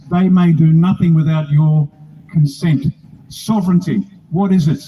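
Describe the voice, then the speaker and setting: A man's voice: a little high, mellow, slightly rough, poor audio. An older man with an Australian accent, giving a blunt, rousing, joking speech at an outdoor rally. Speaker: political speaker at a rally.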